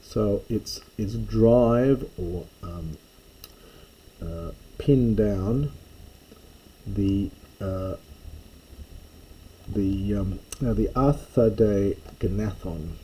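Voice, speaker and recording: Older guy lecturing slow and halting, real dark mellow voice, faint hiss behind. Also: on the low side, rough recording. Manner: halting, with frequent ums and restarts. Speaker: classics lecturer.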